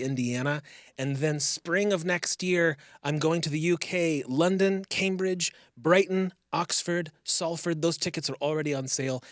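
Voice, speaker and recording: Relaxed man hosting a podcast, dry sound. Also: a little high, no room sound. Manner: relaxed, rambling, self-reflective. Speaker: podcast host and comedian. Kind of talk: casual podcast chat.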